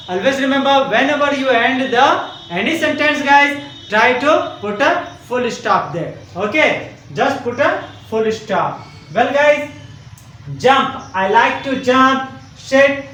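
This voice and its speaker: High-voiced man teaching, echoey room. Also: bright, forceful tone, recorded from a distance, slight background noise. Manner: slow and repetitive, spells words out letter by letter, keeps asking "okay?". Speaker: school teacher. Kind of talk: online grammar lesson for young children. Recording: very echoey room, voice away from the mic.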